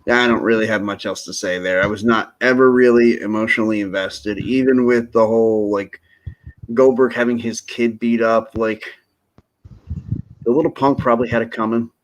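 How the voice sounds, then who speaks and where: A man's voice: lowish voice, steady tone, moderate pace. A man co-hosting a podcast, talking casually and jokingly, with lots of restarts and asides. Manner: rambling, jokey, lots of restarts. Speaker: podcast co-host. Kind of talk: casual wrestling chat.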